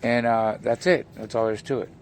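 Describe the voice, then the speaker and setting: A man's voice: medium pitch, steady tone, fairly quick, slight background noise. A man vlogging from his home, rambling between topics in a casual, profane rant.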